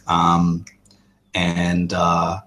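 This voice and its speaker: Low-voiced man narrating as game master. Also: completely flat delivery, drawn-out words, pushed and bright. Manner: hesitant, many fillers and restarts.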